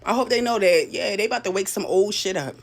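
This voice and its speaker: A woman giving a profane, heated ranting monologue, swinging between loud outbursts and low muttering. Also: quick pace. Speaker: social media commentator.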